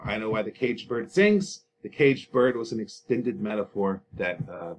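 A man's voice: on the low side, a little hiss or hum. A man teaching a recorded lesson over slides, in a casual, chatty way with fillers and joking asides.

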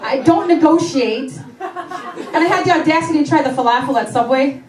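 An American woman comedian with a high-pitched voice does a brash stand-up set on a club stage while a crowd can be heard in the background. Her delivery is rapid and punchy, with character voices, and the club sounds echoey with faint noise.

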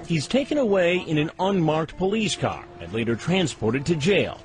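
A man giving scripted news narration in a grave, deliberate delivery. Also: fairly high pitch, sing-song. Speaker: documentary narrator. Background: clear music.

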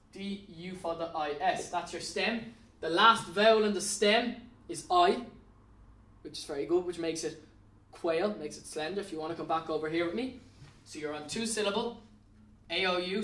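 Irish male teacher, higher-pitched, patient and plain, recorded off-mic in an echoey classroom. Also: fairly bright tone, far from the mic. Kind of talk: recorded classroom lesson at a whiteboard. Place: classroom with a whiteboard.

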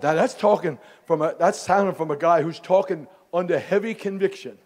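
A bishop preaching a fiery Pentecostal sermon at a live camp meeting, swinging from hushed folksy asides to shouted exhortation. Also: male voice, high-pitched, fairly quick, few pauses. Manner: folksy, calls listeners pet names. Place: live service before a congregation.

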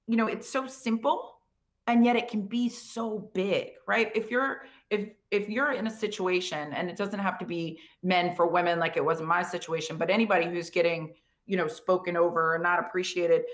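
A woman who coached pro football, answering an interview question in casual, animated storytelling with lots of fillers and quoted voices. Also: fairly low pitch. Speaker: guest speaker, former pro football coach.

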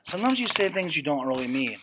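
A man reading a children's story aloud in a gentle, steady narrating voice. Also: on the high side, fast talker, noisy background. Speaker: reader.

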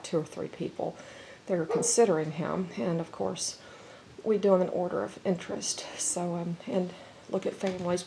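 A woman's voice: medium pitch, vocal fry, a little mellow, a little hiss or hum. A middle-aged woman, a dog breeder chatting casually through a home video and talking baby talk to her dogs. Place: house, indoors.

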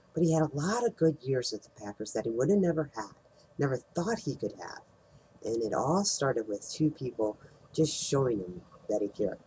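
A husky-voiced middle-aged man talks at a relaxed, conversational pace. He tells a story to his team in a rambling, loose way, stopping and restarting his sentences. His voice sits at an ordinary pitch with a slightly rough, breathy edge. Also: poor audio. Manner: rambling, with many restarts and fillers. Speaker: team leader hosting a call. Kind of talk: casual storytelling talk.

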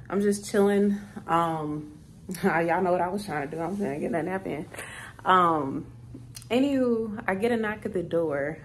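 A woman's voice: medium pitch, slight background noise. A thirty-year-old woman chatting casually to her camera in a hotel room, easily moved to tears. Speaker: vlogger. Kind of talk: casual vlog chat.

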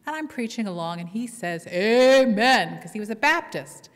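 A woman's voice: mid-range voice, sing-song, brisk, fairly bright tone. A woman pastor preaching a sermon with playful storytelling, drawing call-and-response from her congregation. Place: church sanctuary. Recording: long hall reverb in church.

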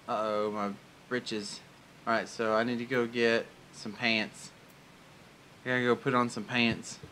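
A man's voice: mid-range voice, rough recording. A man giving casual, playful commentary while playing a video game. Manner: casual and playful, reads game text aloud. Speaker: gamer. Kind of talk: let's-play commentary.

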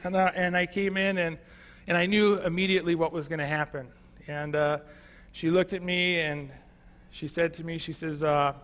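A pastor shares his testimony in an easy, conversational sermon full of fillers and restarts. His voice sits high for a man. The sound rings with the long reverb of a church hall. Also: fairly even intonation, normal speed, fairly bright tone. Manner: conversational storytelling with many fillers.

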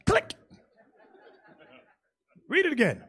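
A man preaching as bishop in an emphatic, loud sermon style. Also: extremely high pitch, wildly swooping pitch, takes it slowly, breathy edge. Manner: loud, emphatic, shouting at peaks. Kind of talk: animated sermon teaching.

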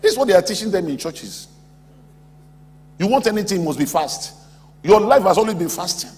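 A man's voice: high voice, fairly quick, slightly rough. Male pastor preaching in a reverberant hall. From West Africa. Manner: animated preaching, acts out imagined church members. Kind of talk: sermon. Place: large auditorium. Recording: long hall reverb, faint hum.

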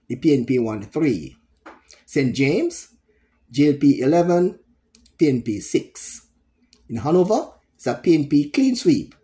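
A middle-aged Jamaican man giving solo political commentary, speaking emphatically and repeating points with frequent pauses. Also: medium pitch, mellow. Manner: emphatic, repetitive, pausing often.

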